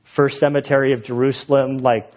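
A man's voice: mid-range voice, flat delivery, fairly quick, a little mellow. A man preaching a sermon in a casual, conversational way, retelling the text with asides. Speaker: pastor. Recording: dull lo-fi recording.

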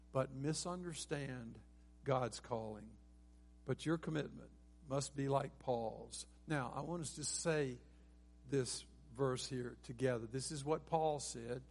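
A man preaching a sermon as pastor, earnest and rising to emphatic peaks, with frequent restarts. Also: mid-range voice. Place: church sanctuary.

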